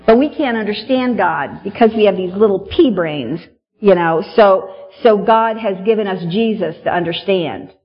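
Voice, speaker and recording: A middle-aged woman gives a sermon in a relaxed, conversational voice. She often stops for "you know" and "I mean," and it stays earnest and direct. The recording sounds slightly muffled and lo-fi. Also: medium pitch, moderate pace, soft background music. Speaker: pastor.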